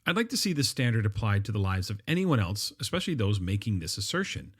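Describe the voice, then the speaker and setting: Here a middle-aged podcast host delivers a conversational solo monologue full of fillers like um and uh, plus restarts. He talks fast in a fairly low, slightly rough voice with big swings in pitch.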